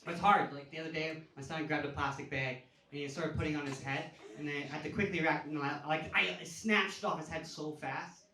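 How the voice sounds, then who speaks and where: A man in his thirties works a comedy club stage, talking loosely and casually between jokes. His voice sits a little high for a man. It comes across roomy and somewhat distant, with plenty of noise from the club around him. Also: fairly even intonation, fast talker. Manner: conversational storytelling, jumps to loud yelling for punchlines. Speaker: stand-up comedian. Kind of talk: stand-up comedy set. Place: comedy club stage before a laughing audience.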